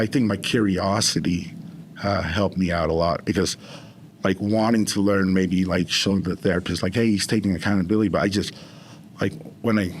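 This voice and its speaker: A man's voice: low-pitched, a little hiss or hum. A man speaking as a podcast guest, rambling with many restarts as he tells his story. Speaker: interview guest in recovery. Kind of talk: casual conversation.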